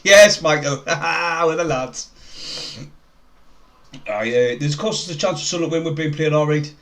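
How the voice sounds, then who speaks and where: A young man with a North East English accent, commenting on a football match live for his stream and chatting with viewers in a chatty, excitable way. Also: on the high side, moderate pace. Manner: chatty, excitable, laughs often, reads out viewer names.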